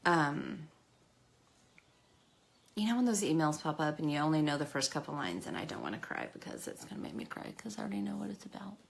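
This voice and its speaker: A woman's voice: sits low, sing-song, brisk, creaky. A woman hosting a live makeup stream, chatty and emotional, talking to her viewers by name. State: tearful at times. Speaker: makeup livestream host. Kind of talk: casual live makeup chat.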